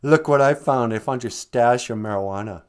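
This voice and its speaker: A man voicing an angry middle-aged father who scolds his son, in a loud, accusing comic re-enactment of an old TV ad. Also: medium pitch, moderate pace, clean tone, lightly acted.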